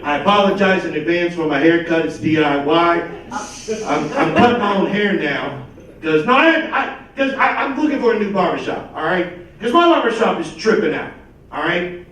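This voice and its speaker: A man's voice: sits high, animated, moderate pace, a bit bright, slight background noise. A man doing a stand-up set, with punchy, emphatic delivery. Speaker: stand-up comedian. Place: comedy stage at a charity show, live audience. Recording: echoey room, distant from the mic.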